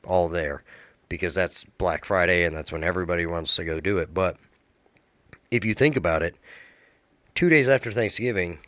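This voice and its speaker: A man's voice: deep voice, a bit bright, no echo. A man from the United States, a podcast co-host chatting casually in an easygoing way. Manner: easygoing, quick to agree and joke. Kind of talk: casual chat.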